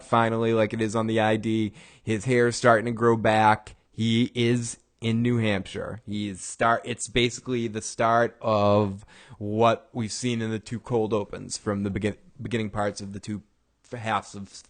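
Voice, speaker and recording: A man's voice: lowish voice, level tone, moderate pace. A man hosting a casual talk show, recapping a TV episode in a rambling way, with frequent restarts and chuckles. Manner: acts out quoted lines in bursts of raised voice. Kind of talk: casual chat.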